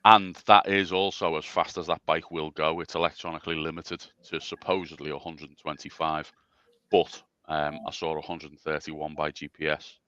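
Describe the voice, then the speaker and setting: Guest man, very low voice, dry and muffled sound, rambling casual chat. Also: level tone, moderate pace, pushed and bright, no echo. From England. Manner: rambling, self-deprecating, stammering restarts. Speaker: special guest.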